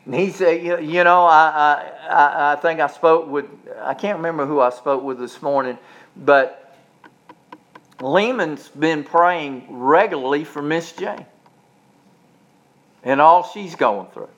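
A man with a fairly high voice preaches a sermon in a plain, folksy way. He often trips over and repeats his words. Then he rises into loud, stretched-out preaching. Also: a little slow, highs cut off. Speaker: pastor.

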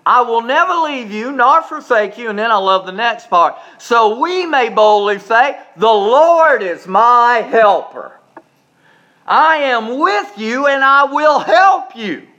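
A pastor preaching a sermon, building emphasis through repeated phrases and dropping into quiet asides to the congregation. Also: male voice, very high voice, lively intonation, slow, muffled recording.

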